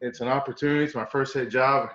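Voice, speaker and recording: A middle-aged man with an East Tennessee Southern accent recounts his coaching career in a folksy, animated way. His voice sits at an ordinary pitch. The recording is roomy and a bit dull. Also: fast talker. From East Tennessee, USA. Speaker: strength coach guest. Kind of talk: storytelling interview.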